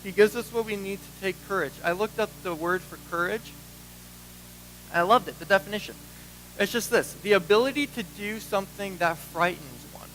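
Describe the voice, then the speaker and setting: High-voiced animated male pastor preaching. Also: normal speed, slight background noise, rough recording. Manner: animated, acts out quoted voices. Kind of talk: sermon.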